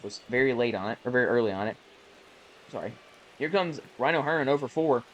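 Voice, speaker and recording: A man casually calling the plays of a baseball video game he is playing, chatty and self-correcting, with bursts of excitement on big plays. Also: medium pitch, brisk, dull audio, a little hiss or hum. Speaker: gaming YouTuber. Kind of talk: casual play-by-play while gaming.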